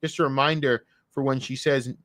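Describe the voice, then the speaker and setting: A man streaming live, ranting loudly and angrily with heavy profanity. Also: medium pitch, fairly even intonation, a little fast, dry recording, clean studio sound. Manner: loud, profane, angry ranting.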